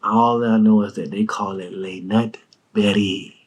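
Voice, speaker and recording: A man imitating a laid-back male friend who drawls slowly and quietly in a low, hushed way. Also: steady tone, husky. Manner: drawling, hushed, matter-of-fact.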